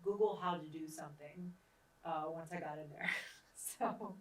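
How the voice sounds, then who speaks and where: A deep-voiced woman speaks at normal speed, heard through a distant mic in an echoey room, slightly off-mic. She's hosting her own show, interviewing herself and telling anecdotes in a relaxed way, laughing often along the way.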